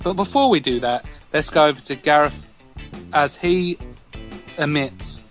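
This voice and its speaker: A man hosting a podcast in a jokey, teasing way, throwing in quick asides. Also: a little high, fairly bright tone, soft background music. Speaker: podcast host. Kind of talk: casual chat.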